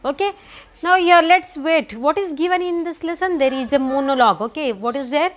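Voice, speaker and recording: A woman's voice: high-pitched, brisk. Marathi-accented woman teaching a class. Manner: repetitive, asks students questions often. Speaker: school teacher. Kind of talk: classroom English lesson with Marathi explanations.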